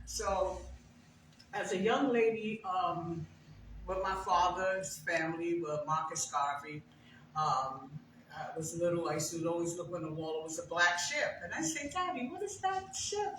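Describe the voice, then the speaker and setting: A woman's voice: lowish voice, a bit bright, slight background noise. An older woman giving a conversational personal testimony as a guest speaker, telling stories with emphasis. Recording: very echoey room, far from mic.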